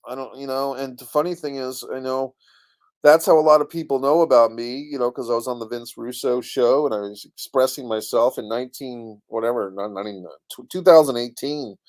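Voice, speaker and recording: A man's voice: mid-range voice, a little fast, a little mellow. A middle-aged man hosting a casual live stream, rambling about a comedy special and reading viewers' comments aloud. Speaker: online show host reading chat comments.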